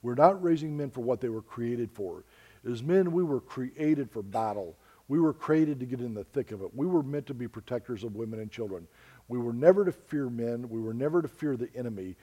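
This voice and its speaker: In a mellow, husky voice of medium pitch, a U.S. preacher and missionary earnestly tells stories during a sermon. He refers to the congregation as folks.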